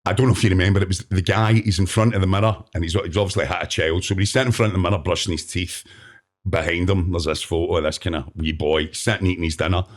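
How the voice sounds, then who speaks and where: Deep-voiced Glaswegian man telling stories. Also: fast. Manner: relaxed, acts out his own reactions. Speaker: actor, podcast guest. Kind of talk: anecdotal storytelling.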